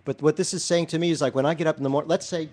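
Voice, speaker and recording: A man's voice: a little high, steady tone, racing, darkish tone. A man, a co-host in a casual discussion, thinking aloud with restarts and hypothetical examples.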